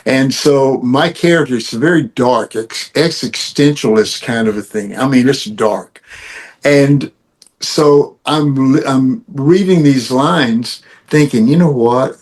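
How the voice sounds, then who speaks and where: A man's voice: mid-range voice, a little slow, husky. A man in his seventies with a Texan accent, a guest musician telling stories in casual chat and acting out the voices of the people in them. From Texas. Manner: animated storyteller, acts out quotes.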